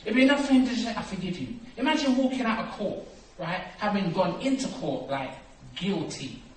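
A man delivers a lively sermon, acting out the characters in his stories and swinging between hushed and loud. His voice sits somewhat high and carries from a distance. It rings through a very echoey hall with a clear hum of background noise. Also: a little fast. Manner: animated storytelling, acts out dialogue, swings from quiet to loud. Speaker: preacher. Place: church hall.

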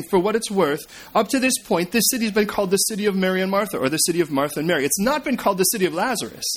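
A man preaching a sermon, retelling scripture as a story and swinging between emphatic and hushed delivery. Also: sits high. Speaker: pastor.

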